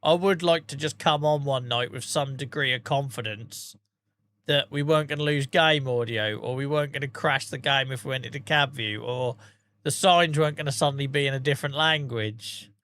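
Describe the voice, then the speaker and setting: A man's voice: mid-range voice, normal speed, a bit bright. A tired man chatting casually to viewers on a live stream, rambling, swearing freely and laughing at himself. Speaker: game streamer.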